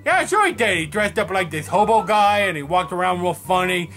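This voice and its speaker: A man voicing a dim-witted, cheerful male puppet who speaks slowly and earnestly in a comedy sketch. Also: sits high, expressive, sharp tone, soft background music. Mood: naive. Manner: slow, naive and earnest.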